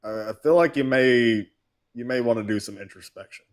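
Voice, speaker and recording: A man's voice: medium pitch, a little fast. A man in casual chat on a politics stream, speaking in a sardonic way.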